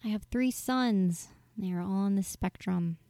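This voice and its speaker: Woman, twenties, gravelly, mellow, candid rambling storytelling, soft whispered asides. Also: medium pitch, unhurried, no room sound, clean studio sound. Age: 20s. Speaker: vlogger answering viewer questions. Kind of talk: casual storytelling monologue.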